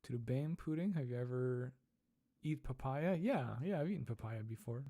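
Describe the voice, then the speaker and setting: A man's voice: mid-range voice, expressive, normal speed, warm tone. A man casually chatting on a livestream, reading chat, laughing often and repeating words as he tries out pronunciations. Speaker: streamer reading live chat.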